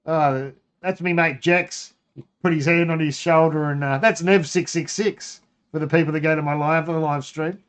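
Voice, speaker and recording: A man's voice: fairly high pitch, fairly even intonation, normal speed, clean tone. An Australian man chatting casually on his home-brewing live stream, rambling, laughing and breaking off mid-sentence. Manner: rambling, laughing, self-interrupting.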